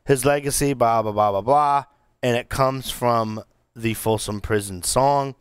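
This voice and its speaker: A middle-aged man co-hosting a casual podcast, talking excitedly with many restarts and fillers. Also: mid-range voice, measured pace, clear, resonant tone, no room sound, clean studio sound. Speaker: podcast co-host reviewing cigars. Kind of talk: casual chat.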